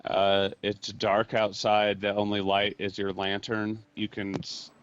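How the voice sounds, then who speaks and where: Slow, low-voiced male game master. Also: completely flat delivery, fairly bright tone, a little hiss or hum. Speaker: dungeon master. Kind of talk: narrating a tabletop game. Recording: dull lo-fi mic.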